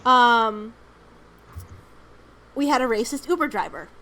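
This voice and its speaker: A woman co-hosts a podcast, telling rambling stories in casual chat, peppered with "um" and "like" and plenty of swearing. Her voice is a little high and expressive, her pace slow and her tone sharp. The audio quality is poor.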